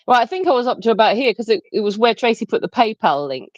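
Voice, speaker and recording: A woman's voice: a little high, lively intonation, fast talker, dry recording, muffled recording. A woman co-hosting a livestream, reading viewer comments aloud and laughing often in casual banter. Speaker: livestream co-host reading chat.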